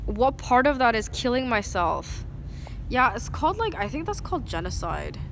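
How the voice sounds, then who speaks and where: Agitated woman, high-ish voice, ranting to her phone outdoors, street din behind. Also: big pitch swings, moderate pace, vocal fry. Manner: agitated, rambling, heavy use of "like"; swings from low muttering to loud indignant. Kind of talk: venting to camera. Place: outdoors at a city bus station. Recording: street noise and passing vehicles.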